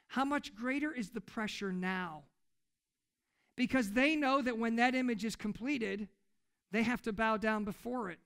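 A man's voice: extremely high pitch, measured pace, sharp tone, smooth. A man preaching a sermon in church as pastor, retelling a story emphatically and putting questions to the congregation. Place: church service.

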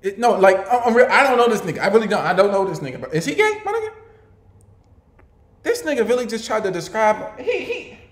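Animated young man reacting loudly. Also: high voice, fast. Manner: animated, laughing, repeats words, swears. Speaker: reaction video host. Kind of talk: casual reaction commentary. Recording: roomy echo.

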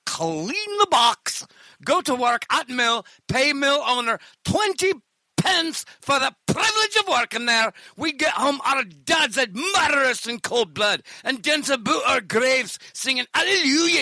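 A man's voice: extremely high pitch, expressive, measured pace, creaky, bright, forceful tone, no room sound, voice pushed up, full character voice. A man putting on a mock-Scottish voice telling exaggerated hard-luck childhood tales. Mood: mock-grim.

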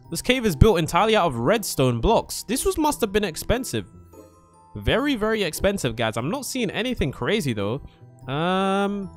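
Hombre joven que grita emocionado jugando. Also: male voice, a little high. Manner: excitable, yelps and screams when startled. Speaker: gaming channel host. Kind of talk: Minecraft let's play commentary.

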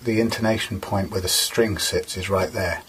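Low-voiced man explaining guitar repair. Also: fairly even intonation, normal speed, background noise. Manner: rambling, explains step by step with fillers. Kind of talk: casual workshop tutorial.

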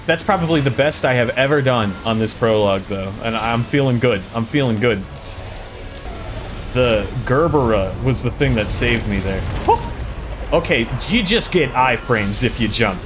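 A man giving casual, profane, excitable commentary while playing a video game. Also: medium pitch. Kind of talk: casual let's-play commentary. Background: game soundtrack and sound effects.

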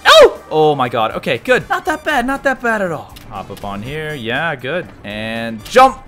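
A young man commentates a video game in a bright, fairly high voice that leaps all over the place. He mutters to himself one moment and yelps or shouts the next, laughing along the way. Soft music plays faintly behind him. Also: sing-song, measured pace. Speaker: gaming YouTuber. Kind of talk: excitable gameplay commentary.

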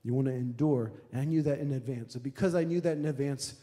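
A male pastor preaching a sermon in a church, emphatic and repetitive, building to shouts. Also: medium pitch, quick pace. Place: church sanctuary. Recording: echoey hall reverb.

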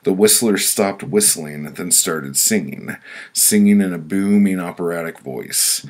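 A deep-voiced man reads his own first-person story aloud. His voice is low with a rough, gravelly fry. He tells it bluntly and swears freely. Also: unhurried. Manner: blunt and profane, building frustration in the telling. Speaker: author reading his own book. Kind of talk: first-person prose reading.

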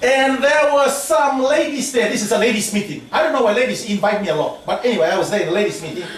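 A male preacher giving an animated sermon, often calling out "amen?" and mixing in words of a local language. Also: high voice, fast. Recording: echoey hall, from far off, faint ambience.

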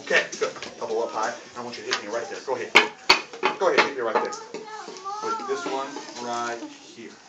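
At a belt test in a studio, a martial arts instructor teaches children, speaking simply in a playful, encouraging way. His mid-range voice is animated and brisk, captured from far away in an echoey room with music and heavy background noise.

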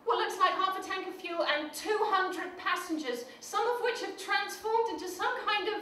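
A woman's voice: very high-pitched, expressive, normal speed, pushed and bright, slight background noise, heavily acted. An actress auditioning as a panicked young woman mail-plane pilot, flustered and stammering. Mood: terrified. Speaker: auditioning actor. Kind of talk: audition scene reading. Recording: echoey room, distant mic.

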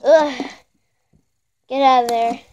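A woman's voice: high-pitched, steady tone, slow pace, background noise. A woman improvising a playful, bickering skit, voicing a group of plush toys herself. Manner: playful, bickering, childlike banter.

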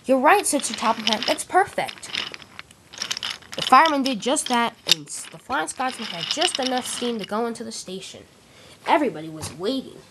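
A woman reading a train story aloud, with lively character lines between plainer narration. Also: on the high side, fairly quick, very noisy. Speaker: storyteller reading all parts. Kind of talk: amateur read-aloud storytelling of a train tale.

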